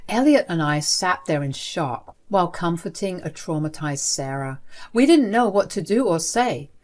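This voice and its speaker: A woman's voice: fairly low pitch, expressive, normal speed, a little mellow. A woman narrating a first-person family drama story in a matter-of-fact way.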